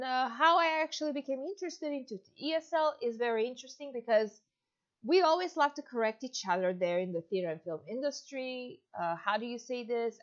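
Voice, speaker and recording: Heaping praise on a young child, a woman ESL teacher in her thirties draws every word out slowly during a demo online lesson, her teacher talk exaggerated and encouraging. Her fairly high voice swoops up and down energetically, while the recording comes across dull and lo-fi.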